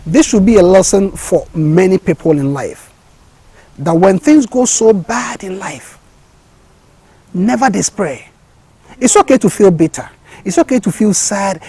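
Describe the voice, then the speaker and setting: A man giving a motivational talk in an impassioned way, often repeating words and restarting, with excited peaks. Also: sits high, creaky, slightly rough, dry recording.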